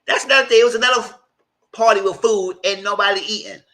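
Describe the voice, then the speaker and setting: With a high-pitched voice and a quick pace, a man walks through a reality TV episode and gives his opinions, though the audio is poor. He's lively and informal, acting out what people said while retelling the scenes.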